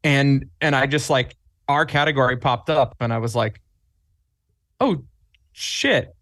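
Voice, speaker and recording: A man's voice: medium pitch, steady tone, normal speed, fairly bright tone, dry recording, studio quality. A man talking as a guest on a podcast in casual chat, animatedly telling stories and acting out his own quotes. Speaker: podcast guest, club staffer.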